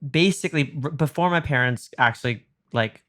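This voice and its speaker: A man's voice: medium pitch, fairly quick. A male podcast host telling a story in casual chat, acting out quoted lines with lots of fillers. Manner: animated, acts out quotes, many fillers.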